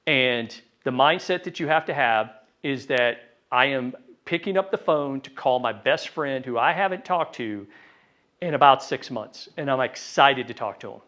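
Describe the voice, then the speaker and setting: A man giving a live sales training talk to a room, lively and conversational, acting out phone calls in quick voices. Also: medium pitch. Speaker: real estate sales trainer. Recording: dull lo-fi sound.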